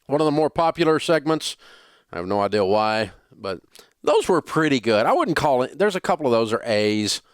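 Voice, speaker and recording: A man's voice: medium pitch, big pitch swings, moderate pace, clean tone, no room sound. A middle-aged man with a Southern US accent, hosting a radio show in blunt, joking, dismissive banter on a studio microphone. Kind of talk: casual talk radio banter.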